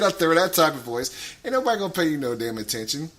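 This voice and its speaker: Profane, rambling bright-voiced man. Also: on the high side, expressive, fast talker, hardly any pauses, a little hiss or hum. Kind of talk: casual radio talk.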